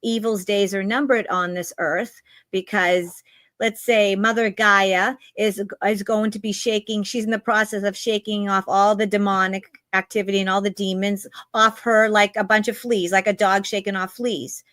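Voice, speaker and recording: A woman's voice: mid-range voice, level tone, moderate pace, a bit bright, no echo. A woman hosting a spiritual talk show, giving earnest warnings and advice. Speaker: host, spiritual reader.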